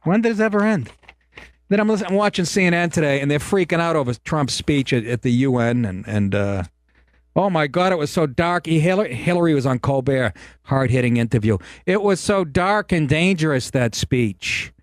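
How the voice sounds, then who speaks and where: A man's voice: on the high side, big pitch swings, moderate pace, no room sound, studio quality. Profane sarcastic male talk host. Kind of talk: ranting political talk show monologue.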